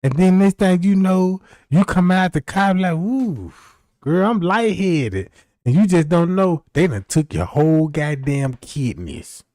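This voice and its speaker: A livestream host with a fairly high, expressive, warm voice tells rambling, profane comedic stories at a moderate pace with hardly any pauses. He keeps checking in with listeners: "you know what I'm talking about." Studio-quality sound, no echo.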